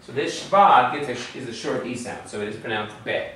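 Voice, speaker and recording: A man's voice: mid-range voice, fairly quick, a bit bright. A man teaching a Hebrew lesson patiently, drilling the class and checking in with frequent questions. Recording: echoey room from far off, faint hum.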